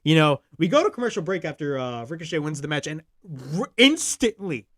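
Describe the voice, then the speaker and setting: Heated young man ranting, animated. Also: a little high, fast talker, no echo, clean studio sound. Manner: animated, swearing, heated rant. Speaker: wrestling podcast host. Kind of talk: ranting show review.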